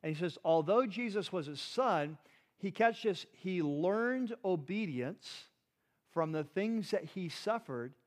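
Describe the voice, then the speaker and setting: A man's voice: high voice, animated, slow pace. A man preaching a sermon, teaching animatedly and asking the audience rhetorical questions. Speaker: pastor.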